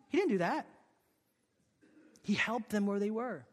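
A man preaching a sermon, telling a personal story with many "okay?" and "right?" asides, dropping to a hush and then rising with emphasis. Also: high-pitched, animated, unhurried, pauses often, in a large hall. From Korea. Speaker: pastor.

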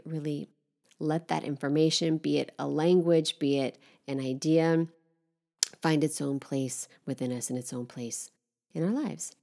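Middle-aged woman, French teacher, low voice with vocal fry, soft and patient delivery. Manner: gentle, unhurried, spells words letter by letter. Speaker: French teacher and podcast host. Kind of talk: relaxed podcast language lesson.

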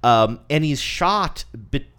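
A man's voice: on the high side, expressive, slow, a bit bright, smooth. Male podcast co-host, casual chat, rambling, filler-heavy. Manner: rambling, chatty, with many fillers.

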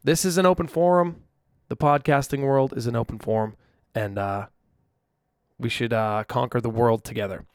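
A man's voice: medium pitch, animated, normal speed, smooth, dry recording, clean studio sound. A young man hosting his own podcast alone in his room, chatting casually into a microphone in a rambling, self-deprecating way. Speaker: podcast host. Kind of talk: casual solo podcast chat. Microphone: studio microphone.

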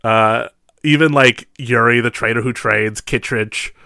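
Bright-voiced man rambling on a podcast. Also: medium pitch, unhurried, vocal fry, clear, resonant tone, no room sound. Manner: rambling, filler-heavy, frequent laughs. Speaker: podcast co-host. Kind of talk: casual chat.

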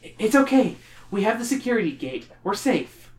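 A man's voice: sits high, sing-song, moderate pace, voice pushed up. A man voicing a stern, protective mother who firmly warns her two daughters. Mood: reassuring. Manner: stern, firm warnings. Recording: roomy echo.

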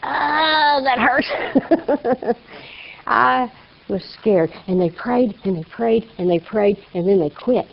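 A woman with a gravelly, creaky voice tells her testimony in a folksy storytelling way. She acts out the voices of the people in her story. The recording is a little dull and lo-fi. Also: medium pitch, slow. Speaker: speaker giving a testimony. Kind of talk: personal testimony.

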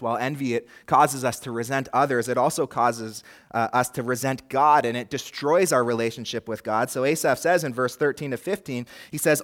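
A man preaching a sermon as pastor, earnest and rising and falling in force, with a light joke now and then. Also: mid-range voice. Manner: jokes lightly with the congregation.

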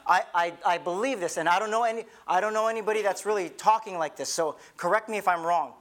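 A man's voice: sits high, fast talker, fairly bright tone. A middle-aged man, a pastor, giving an earnest, conversational sermon with many repeated restarts.

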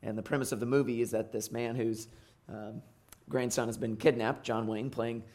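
A man preaches a sermon in a church sanctuary, his voice mid-pitched and ordinary. He talks conversationally as pastor, often pausing on fillers and restarting phrases. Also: steady tone, a little mellow.

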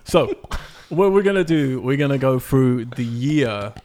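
A man hosting a podcast, talking quickly and casually with frequent laughs and swearing asides. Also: medium pitch, animated, a little mellow. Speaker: podcast host. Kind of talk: casual chat.

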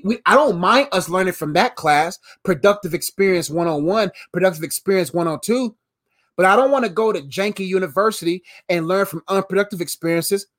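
A man in his thirties delivers a motivational talk in a fairly high voice. He drives each point home through repetition with a preacher-like cadence. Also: fairly bright tone. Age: 30s. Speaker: motivational speaker.

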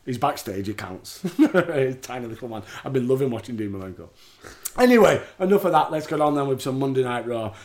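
A man's voice: medium pitch, very animated, brisk, darkish tone. A man hosting a casual podcast, recapping wrestling shows and laughing often as he talks. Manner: laughs often, reads out rankings. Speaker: podcast host.

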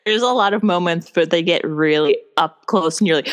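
Young female co-host, low-ish voice, excitable, casual, profane book chat. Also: normal speed, few pauses. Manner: animated, swears freely, many fillers. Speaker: podcast co-host.

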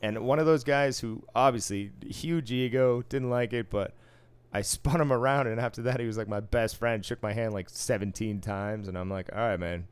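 A man's voice: mid-range voice, moderate pace, few pauses, clean tone, no room sound. A man casually telling a work story from the casino floor, profane and wry, acting out the exchanges he quotes.

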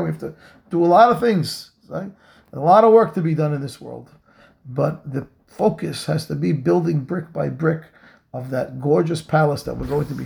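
A rabbi teaches a Torah lesson in a heavily gravelly voice that sits a little high for a man. His tone is mellow and dark. He speaks earnestly, drives points home by repeating phrases, and mixes Hebrew terms into his English.

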